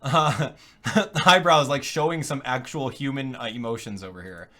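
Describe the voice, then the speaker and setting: A man hosting a casual video game reaction, joking and laughing often, with quick rambling asides and quieter mumbling while he browses. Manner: drops to low mumbling while clicking around. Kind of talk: casual live reaction commentary.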